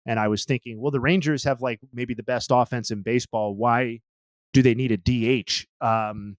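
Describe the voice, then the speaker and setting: Podcast guy rambling with lots of ums, dry sense of humor, smooth voice. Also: mid-range voice, fairly even intonation, normal speed, dry recording. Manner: rambling with frequent fillers, dry jokes. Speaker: podcast co-host. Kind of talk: casual podcast chat.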